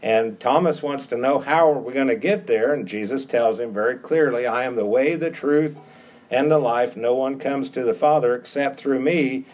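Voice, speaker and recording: A middle-aged pastor delivers a sermon in a slightly raised voice. He drives home each point by repeating short phrases with emphasis. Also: fairly high pitch.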